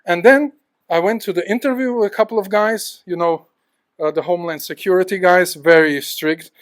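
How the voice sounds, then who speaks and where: A man giving a lively, joking presentation to a live audience, telling travel stories and talking straight to the room. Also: high voice, normal speed. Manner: lively, jokey, addresses the audience directly. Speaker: guest presenter at a fish club. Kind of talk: animated storytelling talk to a live audience. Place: club meeting room with audience.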